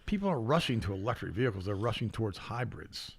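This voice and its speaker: A man's voice: fairly low pitch, big pitch swings, quick pace, vocal fry, breathy edge. A middle-aged male co-host who reads news items aloud and adds sarcastic, opinionated asides. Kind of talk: opinionated talk show commentary.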